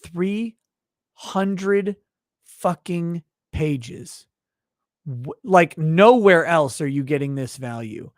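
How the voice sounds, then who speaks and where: A man's voice: on the high side, expressive, very slow, no echo, clean studio sound. A middle-aged man hosting a casual late-night livestream, reading viewer messages aloud with loose, profane joking.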